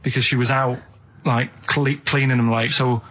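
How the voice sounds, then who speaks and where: A man, a regular on a comic radio show, telling stories in a flat, plodding, literal-minded way. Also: mid-range voice, normal speed. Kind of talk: deadpan comic storytelling. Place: radio studio.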